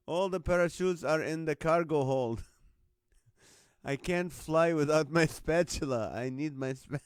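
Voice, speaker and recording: Smooth-voiced man hosting, slow and laughing. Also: fairly high pitch, dry recording, clean studio sound. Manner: laughs often between lines, jokey. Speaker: host. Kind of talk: live-stream chat reading viewer jokes.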